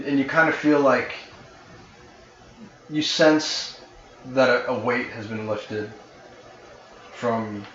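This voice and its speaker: A man's voice: medium pitch, fairly bright tone. A man runs a tabletop game and narrates the scene in a loose, conversational way, with many ums and restarts. His voice sits in the middle range. The sound is roomy and slightly muffled, with faint noise behind it. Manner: conversational, filler-heavy narration. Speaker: game master. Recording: roomy, slightly dull recording.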